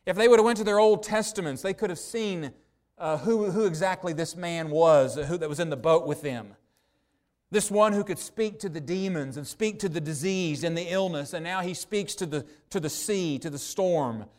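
High-voiced man preaching earnestly. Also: darkish tone. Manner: earnest preaching, slows down for emphasis. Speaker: pastor. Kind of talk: sermon.

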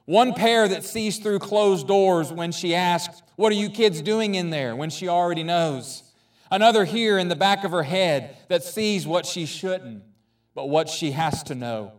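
A man's voice: high voice, unhurried, distant mic. A man reading the lines of the Lord, a proud and tender creator, in a slightly raised storybook voice, a bit back from the microphone. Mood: earnest.

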